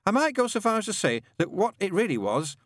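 A man's voice: high-pitched, sing-song, a little fast, dry recording, clean studio sound, voice pushed up. A nervous young man frets and rambles in a raised, anxious voice, his words wobbling with rise and fall. A man plays him in an audiobook. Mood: flustered. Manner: flustered, wretched, rambling. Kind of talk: audiobook narration.

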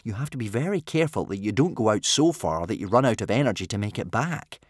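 A man narrating a children's adventure story with an expressive reading. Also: on the low side, fast talker, husky, no room sound, clean studio sound. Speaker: audiobook narrator.

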